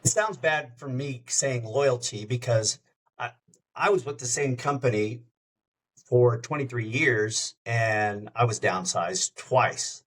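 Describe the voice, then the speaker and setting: A man's voice: medium pitch, slow pace, low-quality recording. A middle-aged man, a radio host, telling stories casually on a podcast and acting out the voices he quotes. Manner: animated anecdote-teller, acts out quoted voices. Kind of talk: casual storytelling.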